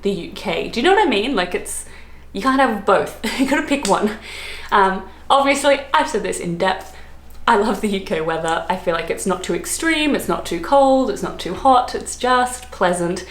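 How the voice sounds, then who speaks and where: A woman from Australia with an Australian accent, chatting casually to camera in a rambling way, laughing often and filling pauses with ums and likes. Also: medium pitch, reverberant. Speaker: vlogger. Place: room, lived in London.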